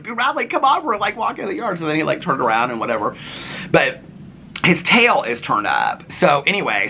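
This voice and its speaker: A man's voice: lowish voice, bright, forceful tone, slight background noise. A man vlogging casually to camera, telling a long story full of fillers and quoted dialogue.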